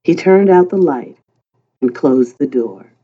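Slow husky storyteller reading a novel aloud, tinny phone-like sound. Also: mid-range voice, expressive, dark tone. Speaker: audiobook narrator. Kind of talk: audiobook narration.

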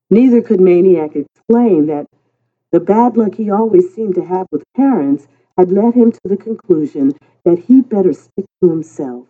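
An audiobook narrator reading a story in a calm, unhurried way that turns lively in dialogue. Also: mid-range voice. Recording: tinny phone-like sound.

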